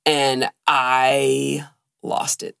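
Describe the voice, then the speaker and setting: A woman's voice: rumbling low, monotone, extremely slow, creaky, a bit bright, clear, resonant tone, no echo, studio quality. A woman co-hosting a podcast, telling an emotional personal story with lots of quoted dialogue. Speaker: podcast co-host.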